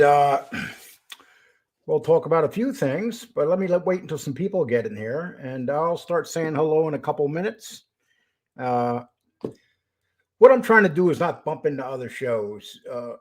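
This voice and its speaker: An older man hosts his own live stream, greeting viewers by name before turning blunt, argumentative and confrontational in casual stream talk. His voice is mid-range with a darkish tone.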